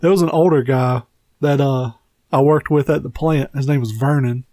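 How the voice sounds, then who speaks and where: A man's voice: medium pitch, steady tone, normal speed, dark tone, no echo, studio quality. A man co-hosting a podcast, joking crudely in casual chat. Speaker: podcast co-host.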